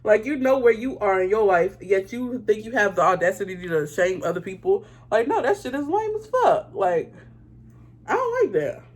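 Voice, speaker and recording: A woman's voice: mid-range voice, big pitch swings, moderate pace, few pauses. A woman vlogger telling a story while doing her makeup, talking straight to her viewers in a blunt, profane, indignant way. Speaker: beauty vlogger.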